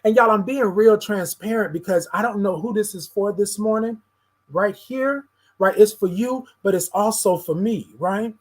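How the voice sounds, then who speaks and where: A host sharing a candid, personal monologue in a husky, slightly breathy voice at a middling pitch. The talk goes straight to the listeners, often calling them y'all, and stutters through repeated words as the thoughts pour out. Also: moderate pace.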